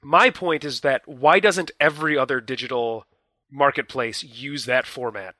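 Bright-voiced man, dry recording. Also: medium pitch, moderate pace, dry recording. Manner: explanatory, emphatic, hesitant restarts. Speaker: podcast co-host. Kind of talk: casual chat.

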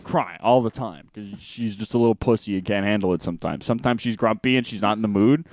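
A man's voice: fairly low pitch, fast, a little mellow, no echo. A young man co-hosting a casual comedy podcast, teasing in a mock-serious way and swearing freely. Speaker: podcast co-host.

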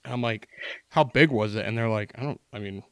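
A man's voice: mid-range voice, a little fast, dry recording, studio quality. A man telling long, rambling stories in casual podcast chat, swearing constantly as he goes.

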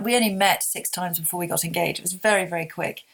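A woman in her fifties, a guest speaking candidly and heartfelt in an interview, often halting and restarting. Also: lowish voice, fairly even intonation, gravelly, fairly bright tone.

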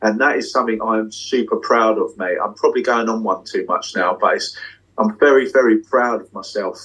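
A man, a magician on tour, talks candidly and swears freely in long excited runs from a backstage dressing room. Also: on the low side, moderate pace, breathy edge, far from the mic, rough recording. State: getting emotional. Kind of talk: candid casual interview.

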